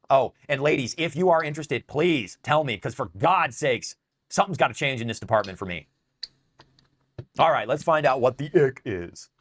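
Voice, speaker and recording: A man's voice: medium pitch, lively intonation, moderate pace, long pauses. A middle-aged man delivering an emotional, bitter ranting monologue in a video. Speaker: video commentator.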